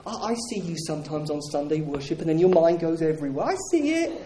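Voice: mid-range voice, expressive, fast, mellow, a little hiss or hum, pitched below the performer's own voice, natural voice. A preacher putting on the taunting, nagging voice of a sneering male devil who accuses the listener, in a roomy echoing hall.

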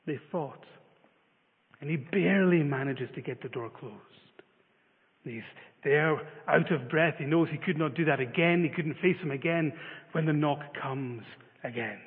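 A man's voice: on the high side, normal speed. A man preaching a sermon, telling a story with many filler uhs. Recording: phone-like reverberant sound.

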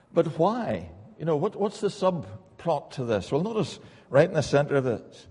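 A man's voice: fairly high pitch, very animated, moderate pace, hardly any pauses, dark tone, slightly rough, in a large hall. A middle-aged man preaching a sermon in a church, earnest and repeating key lines for emphasis.

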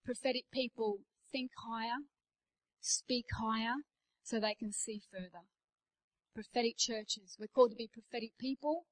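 A woman's voice: fairly high pitch, fairly even intonation, moderate pace, rough recording. Emphatic Australian woman preaching. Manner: emphatic, storytelling with anecdotes. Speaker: guest preacher. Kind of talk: sermon. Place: church.

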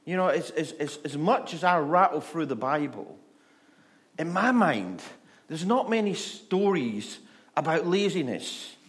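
A man's voice: on the high side, animated, measured pace. A male pastor giving a conversational, humorous sermon, often stammering and restarting.

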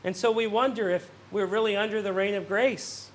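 A male pastor preaching a sermon, earnest, swelling on emphatic questions and dropping soft on somber points, often repeating words as he restarts phrases. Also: high-pitched, steady tone, moderate pace, a little hiss or hum.

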